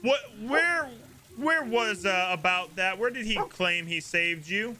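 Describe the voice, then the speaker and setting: A man's voice: sits high, unhurried, over music. A man streaming a game, doing playful cop role-play in a mock-official, bantering, theatrical way. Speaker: streamer host. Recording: steady background noise.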